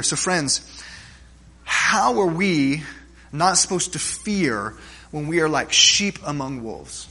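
A man's voice: a little high, animated, slow pace, sharp tone, slightly rough. A man preaching a sermon to his congregation, conversational and joking, often checking in with "right?" and restarting his phrases. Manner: humorous stories, frequent restarts. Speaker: pastor.

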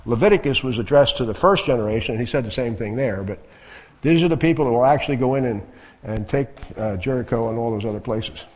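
Male guest preacher, mid-pitched voice, conversational emphatic sermon, long hall echo. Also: fast talker, darkish tone. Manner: conversational, emphatic, repeats phrases. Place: church sanctuary.

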